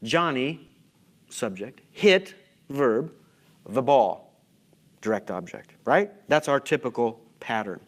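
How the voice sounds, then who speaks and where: A man's voice: mid-range voice, animated, slow pace, long pauses. A man giving a conference lecture, emphatic and full of questions to the audience. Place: conference hall.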